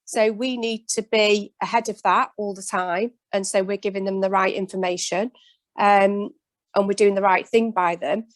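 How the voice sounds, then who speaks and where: A woman's voice: mid-range voice, steady tone, normal speed, dry recording. A woman dairy farmer from Britain speaking on a webinar panel in an earnest, plain-spoken and emphatic way.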